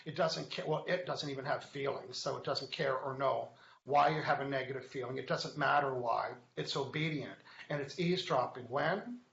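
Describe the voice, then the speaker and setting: A man's voice: medium pitch, moderate pace, creaky, fairly bright tone. A man hosting a live online show, chatting casually, joking and reading viewer comments aloud as he teaches. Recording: echoey, dull lo-fi webcast sound.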